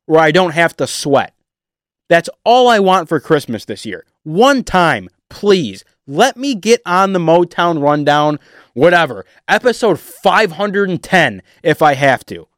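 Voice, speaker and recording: An animated man vents about his home team in a sarcastic, worked-up sports rant. His voice sits fairly high for a man. The recording is dry, with no room sound. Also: unhurried, dry recording. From Detroit area. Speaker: sports fan vlogger. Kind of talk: ranting sports commentary.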